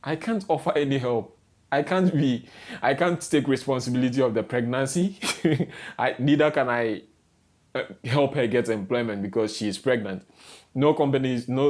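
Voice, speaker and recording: A man's voice: medium pitch, a little mellow. A young man vlogging, ranting in casual commentary with exasperated, repeated rhetorical questions.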